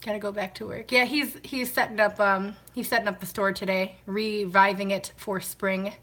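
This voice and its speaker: Woman, bright voice, casual live-stream chat, greets viewers, answers comments, washing glasses while talking. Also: medium pitch, flat delivery, normal speed. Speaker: vlogger hosting a live stream.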